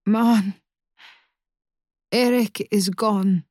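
Audiobook role: woman reading a sobbing older mother, thick low voice, slow and dragging. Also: steady tone, a little mellow, dry recording, clean studio sound. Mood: low, grieving. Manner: sobbing, breaking off mid-sentence. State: crying. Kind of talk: audiobook character voice.

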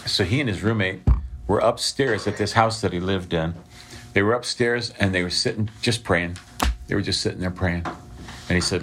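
A man with a deep, low voice preaches in a relaxed, chatty way to a small group, often pausing to ask "okay?" and restarting his sentences. A faint hiss sits under the recording. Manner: conversational preaching with restarts and frequent "okay?" checks. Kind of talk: sermon.

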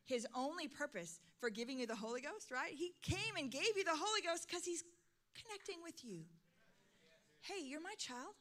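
Bright-voiced woman preaching a sermon. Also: high-pitched, lively intonation, a little fast. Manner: emphatic, swinging from soft to loud. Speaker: pastor.

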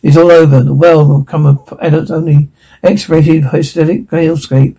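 A man's voice: on the high side, fairly even intonation, moderate pace, dark tone, breathy edge, poor audio. An actor playing an earnest man who urgently warns of disaster in a scripted comedy.

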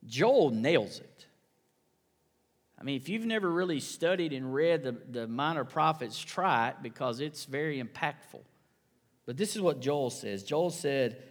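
A man preaching a sermon to his congregation, passionate, dropping to a hush and then rising loud. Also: medium pitch, lively intonation, measured pace. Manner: impassioned preaching, swinging from hushed to loud. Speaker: pastor. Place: church sanctuary. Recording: long hall reverb.

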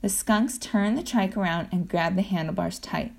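A woman's voice: on the low side, normal speed, gravelly. Woman narrating a kids' adventure book. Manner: lively storytelling with sound effects. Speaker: audiobook narrator.

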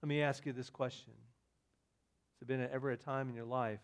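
A man preaching a sermon, dropping to soft asides and then rising to loud emphatic declarations. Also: mid-range voice, steady tone, fairly quick. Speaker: pastor.

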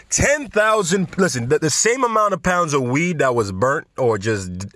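A man's voice: mid-range voice, a bit bright, no echo, clean studio sound. A man hosting a podcast, chatting casually and rambling while reading news aloud, often correcting himself mid-sentence. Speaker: podcast host.

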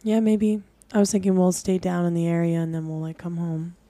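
A woman's voice: fairly low pitch, steady tone, brisk, mellow. A woman in casual chat, talking in a chatty, interjecting way.

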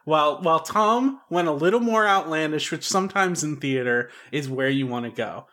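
A man's voice: fairly high pitch, moderate pace, sharp tone. Dry, mock-formal man judging a bit. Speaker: podcast co-host and judge. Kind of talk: casual chat.

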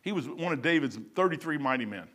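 A man preaching a sermon in a folksy, rambling way, swinging between loud bursts and quiet asides. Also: a little high, lively intonation, fast talker. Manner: folksy and rambling, with stumbles and chuckles.

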